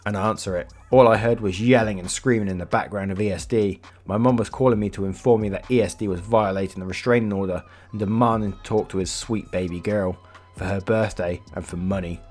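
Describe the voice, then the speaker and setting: Low-voiced guy reading reddit posts, casual, swears a lot, faint music behind. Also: fairly even intonation, fairly quick, a little mellow. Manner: casual, swears freely, chatty reactions. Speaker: narrator. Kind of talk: reading Reddit stories aloud.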